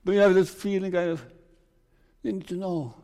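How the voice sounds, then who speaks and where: A man's voice: high voice, steady tone, normal speed, warm tone. A man, preaching a farewell sermon as a pastor, earnest and repeating phrases for emphasis. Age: 60s. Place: church sanctuary. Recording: long church reverb.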